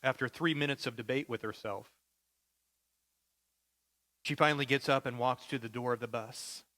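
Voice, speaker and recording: A man's voice: mid-range voice, fairly even intonation, moderate pace, pushed and bright. A male pastor preaching a sermon with vivid, dramatic storytelling.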